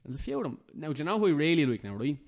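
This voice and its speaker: A man's voice: on the high side, big pitch swings, racing, gravelly. An Irish man hosting a casual podcast chat, talking earnestly and emphatically and repeating his points for stress. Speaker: podcast host.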